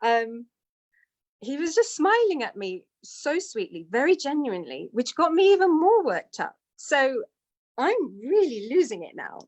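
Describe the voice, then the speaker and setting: A woman's voice: sits high, sing-song, measured pace, darkish tone. A woman telling a personal story in a candid, self-deprecating way. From United Kingdom. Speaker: devotee sharing testimony.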